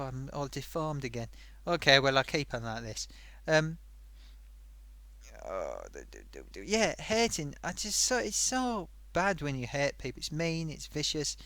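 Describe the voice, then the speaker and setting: A man's voice: on the high side, fairly bright tone, dry recording. Man voicing a chatty sock puppet host. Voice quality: rambling, hums to himself while reading. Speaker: live stream host. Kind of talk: live stream chat reading viewer comments.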